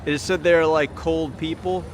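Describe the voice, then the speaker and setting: A rambling American man chats to his viewers as he streams from a busy city street at night. His voice sits a little high, and his loose, easy talk keeps breaking off to read comments. Street traffic hums clearly behind him on a small camera mic. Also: level tone, a little slow. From United States. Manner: rambling, chatty, reads comments aloud. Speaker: livestreamer. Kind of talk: casual livestream chat. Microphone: small handheld camera mic. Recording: outdoor street noise. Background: city street traffic noise.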